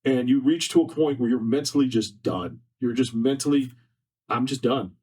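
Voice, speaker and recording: Recorded through a distant mic because of a faulty setup, a man with a warm, husky, mid-range voice speaks at a moderate pace. He's a podcast guest sharing a personal story in an earnest, emotional and repetitive way.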